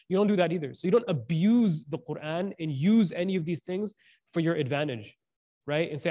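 Casual animated male preacher. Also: on the high side, fast talker. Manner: casual, animated, slangy, acts out quotes. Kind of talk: sermon storytelling.

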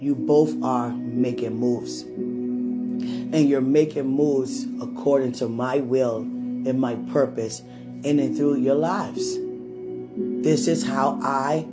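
A woman speaks a personal, devotional message to a loved one in a fervent, prayerful way. She talks slowly and lingers on her words, calling out to God as she goes. Music plays clearly in the background. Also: very deep voice, steady tone. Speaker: woman sharing a spiritual message.

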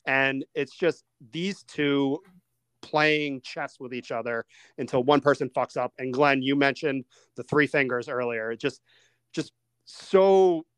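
A man hosting a casual movie-review podcast, steering the talk with lively asides and questions to his co-hosts. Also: medium pitch, clear, resonant tone, no echo. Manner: animated, quick asides, steers the discussion. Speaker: podcast host.

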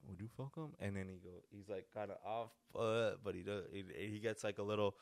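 A man's voice: lowish voice, level tone, fairly quick, creaky, no echo. A man hosting a casual solo podcast, telling crude stories full of profanity. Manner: crude, profanity-laden storytelling. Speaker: podcast host.

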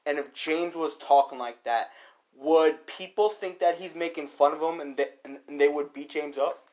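A man's voice: a little high, moderate pace, a little mellow. A man in casual podcast chat, teasing and joking.

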